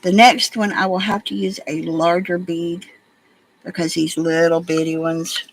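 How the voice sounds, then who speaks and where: A woman with an Alabama accent hosts a relaxed beading livestream. She talks in a folksy, rambling way, telling stories and fussing at her beads as she works. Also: lowish voice, a little slow, rough recording. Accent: Southern US (Alabama). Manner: folksy, rambling, chatty storyteller. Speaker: livestream host. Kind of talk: casual chat while beading.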